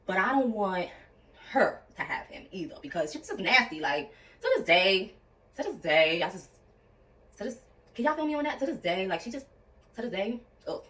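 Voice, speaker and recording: A young woman telling a personal story to her viewers in a casual, animated way, addressing them as y'all and acting out what people said. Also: medium pitch, moderate pace, long pauses, distant mic, low-quality recording. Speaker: storytime vlogger.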